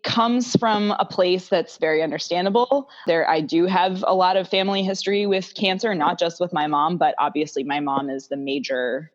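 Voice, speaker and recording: A woman's voice: lowish voice, fairly even intonation, normal speed, hardly any pauses. A woman co-hosting a podcast, talking in an earnest, reflective way in a heartfelt conversation. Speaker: podcast co-host. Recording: dull lo-fi sound.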